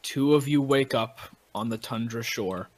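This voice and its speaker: A man's voice: medium pitch, a little slow, low-quality recording. A man running a tabletop game as game master, narrating scenes to his players.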